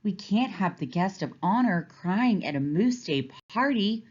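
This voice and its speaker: A woman's voice: medium pitch, expressive, unhurried, darkish tone, breathy edge, dull audio. A woman voicing a kind, reassuring male zebra, in a storybook read-aloud. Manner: friendly, reassuring. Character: calm, kind male zebra host of the party.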